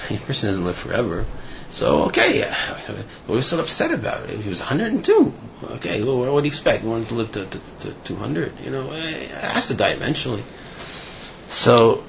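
Gravelly-voiced man giving a halting sermon. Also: sing-song, fairly bright tone. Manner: halting, with many fillers and restarts; acts out voices in the story with rising pitch. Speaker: rabbi giving a talk. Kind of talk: informal sermon with a parable. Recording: dull lo-fi recording with faint background noise.

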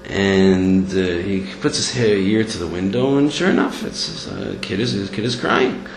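Guy teaching torah, lively up-and-down voice, roomy echo, faint hum behind. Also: low-pitched, measured pace, vocal fry. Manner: animated, acts out voices in stories. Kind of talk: Torah lesson with storytelling. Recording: echoey room with faint hum.

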